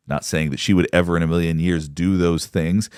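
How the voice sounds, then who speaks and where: Man, psychologist, very low voice, dry close sound, explanatory commentary. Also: fairly even intonation, a little mellow, clean tone, no echo. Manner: explanatory, measured, pauses to point things out. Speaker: psychologist commenting on court footage. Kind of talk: analytical commentary.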